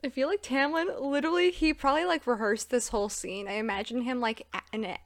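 A woman's voice: high-pitched, steady tone, fast, no echo, clean studio sound. A woman co-hosting a casual book-chat podcast, swearing freely, laughing and acting out characters' lines. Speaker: podcast co-host.

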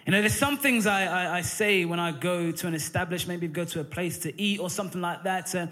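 A man preaching a fervent sermon in church, calling for amens and pausing often with "uh" fillers. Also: sits high, a bit bright. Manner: fervent preaching, calls for amen; frequent "uh" fillers between phrases.

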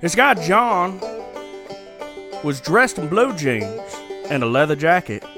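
A man's voice: on the high side, sing-song, takes it slowly, over music, pitched above the performer's own voice. A man putting on a folksy Southern scripture reader. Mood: storytelling.

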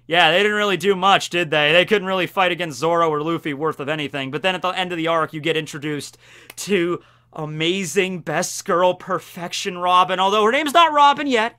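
A man's voice: on the high side, clean tone. Enthusiastic young man recapping. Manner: enthusiastic, animated storytelling. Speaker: anime commentator. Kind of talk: casual recap vlog.

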